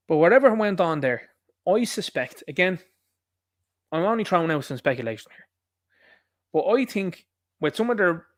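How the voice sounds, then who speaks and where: A man's voice: on the high side, fairly bright tone, no room sound, clean studio sound. An Irish man giving opinionated solo commentary, combative and sarcastic with rambling asides. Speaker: political commentator.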